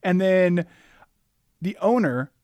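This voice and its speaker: A man hosts a podcast, his voice a touch higher than most men's. He tells a story in a relaxed, rambling way, and the recording is close and dry. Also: slow pace, smooth, no echo. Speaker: podcast host. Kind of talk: casual storytelling chat.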